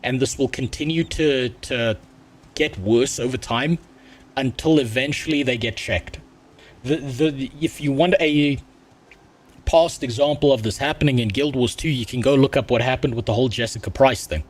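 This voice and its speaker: A man's voice: mid-range voice, moderate pace. A man streaming a game, ranting bluntly and swearing freely in casual chat. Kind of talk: casual livestream gameplay chat.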